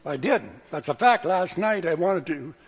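A man's voice: fairly high pitch, lively intonation, normal speed, breathy edge. Folksy older male preacher, ringing hall. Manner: folksy, chuckling storyteller. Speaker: pastor. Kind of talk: sermon with humorous stories.

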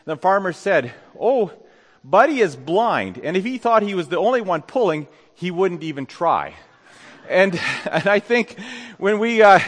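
A man preaching a sermon in a church, speaking haltingly with many fillers and restarts. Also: sits high, a bit bright. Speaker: pastor. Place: church sanctuary. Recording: long hall reverb.

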